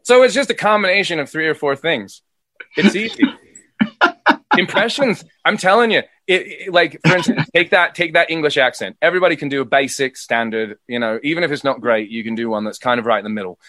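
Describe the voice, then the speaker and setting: Lively male impressionist, forceful bright tone, a bit high, dry close sound. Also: fairly quick, dry recording. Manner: animated, explains with demonstration voices. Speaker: impressionist and show creator. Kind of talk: casual interview talk.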